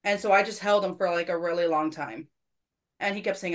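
A woman's voice: fairly low pitch, fairly even intonation, a little fast. A woman hosting a faith podcast, telling a personal church story in casual conversation, earnest and self-deprecating.

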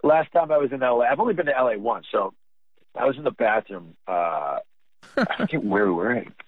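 A man's voice: medium pitch, lively intonation, brisk, dry recording, phone-quality sound. A man telling a comedic story in an offhand, casual way, laughing at himself.

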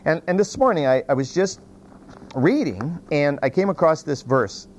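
A man's voice: fairly high pitch, normal speed, slight background noise. A man teaches from the Bible in a sermon, retelling the story in his own folksy words. His voice moves widely up and down as he talks, and he often restarts a phrase before carrying on. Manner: animated storytelling with many restarts and folksy asides.

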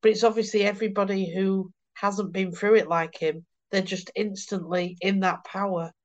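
A woman's voice: medium pitch, steady tone, normal speed. A woman on a book-club podcast, sharing thoughts and ending on tag questions. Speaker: podcast co-host. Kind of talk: casual book-club chat. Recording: dull lo-fi sound.

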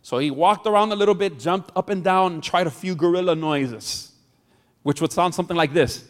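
A man's voice: high voice, brisk. A man preaching a sermon as pastor, telling a story and joking with the congregation. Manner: jokey, chats with the congregation. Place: church hall. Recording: long hall reverb.

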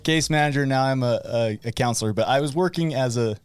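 A man's voice: mid-range voice, brisk, clear, resonant tone, no echo. A man who works as an addiction counselor, telling a story in casual conversation and playing out the dialogue. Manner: lively storyteller, plays out dialogue.

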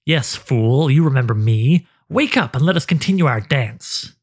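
A man's voice: medium pitch, animated, moderate pace, slightly rough. A man voicing a mocking, disembodied male spider creature with a cruel, taunting manner in a storybook reading. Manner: taunting, sneering.

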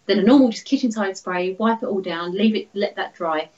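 A woman's voice: medium pitch, fairly quick, a little mellow. Chatty woman, slightly muffled recording. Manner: chatty, laughs often, many fillers. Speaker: guest artist. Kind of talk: casual interview.

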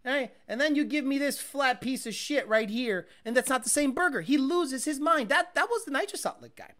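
Bright-voiced man ranting casually. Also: extremely high pitch, fairly quick. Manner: profane, rambling, animated storytelling. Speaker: livestream host. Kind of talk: casual chat.

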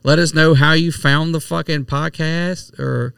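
A man's voice: on the high side, fairly even intonation, unhurried, gravelly, a bit bright, smooth, dry recording, distant mic. A man co-hosting a podcast in casual banter, teasing and profane. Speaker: podcast co-host.

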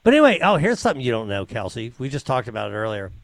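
Lively, laughing man telling stories. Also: medium pitch, very fast, gravelly, dry recording, studio quality. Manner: animated storyteller, laughs often. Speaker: podcast co-host. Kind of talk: casual chat.

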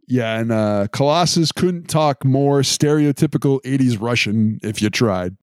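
A man calmly recapping a story in casual chat, pausing on the odd filler. His voice sits at a middle pitch, and the recording is dry and close. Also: no echo. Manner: steady, recaps events plainly with some fillers. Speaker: podcast co-host.

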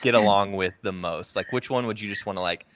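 A man's voice: lowish voice, fast, a bit bright, no echo. A man hosting a casual interview, easygoing, with frequent laughs and filler words. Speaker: podcast host.

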